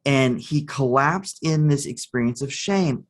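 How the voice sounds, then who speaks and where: A man's voice: medium pitch, a little slow, few pauses. A man, a therapist guest on a podcast, explaining with a story and clinical terms. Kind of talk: podcast interview.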